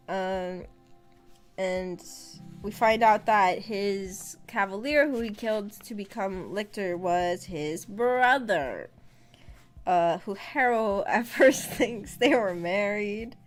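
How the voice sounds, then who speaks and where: A woman's voice: mid-range voice, expressive, takes it slowly, faint music behind. A woman streaming a casual book discussion, chatty and often giggling as she reads chat aloud.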